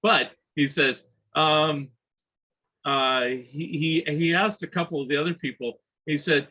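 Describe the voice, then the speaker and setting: Bright, husky-voiced male podcast host. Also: on the high side, steady tone, unhurried, low-quality recording. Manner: rambling anecdotal, laughs between phrases. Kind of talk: casual storytelling chat.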